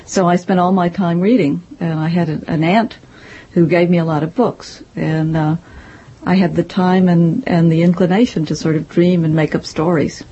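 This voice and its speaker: A woman from Mississippi with a faint Southern accent, a novelist talking in a measured, articulate way as an interview guest. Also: on the low side, dark tone, slightly rough. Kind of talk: radio interview conversation. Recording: dull lo-fi audio with faint hiss.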